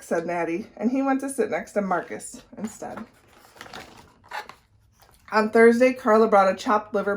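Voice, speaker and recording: A woman teacher leading a guided read-aloud for children, with clear, expressive storytelling. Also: mid-range voice. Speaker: reading teacher.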